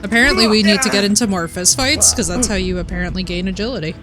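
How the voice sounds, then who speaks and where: A woman's voice: medium pitch, fast talker. Brash young woman streamer with music behind. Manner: brash, playful trash talk with frequent laughs. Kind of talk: casual gaming stream chat. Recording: game music playing behind.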